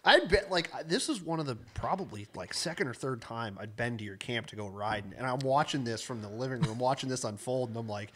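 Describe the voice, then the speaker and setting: A man with an average voice joins a relaxed conversation. He cuts in with short remarks and finishes the host's sentences. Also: medium pitch, brisk, hardly any pauses. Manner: chimes in, finishes others' sentences. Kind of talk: casual chat.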